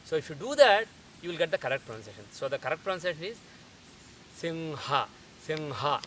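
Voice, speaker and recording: A man teaching pronunciation in a methodical lecture, repeating sounds slowly to show them. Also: on the high side, sing-song, a bit bright. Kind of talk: explanatory lecture. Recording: distant mic with faint hiss.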